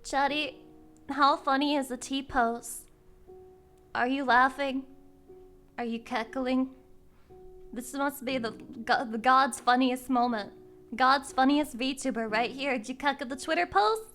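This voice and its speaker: A woman VTuber streamer chatting casually with her viewers, excitable and profane, breaking into shrieking laughter. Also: high voice, a little slow, long pauses, faint music behind. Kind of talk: casual live-stream chat.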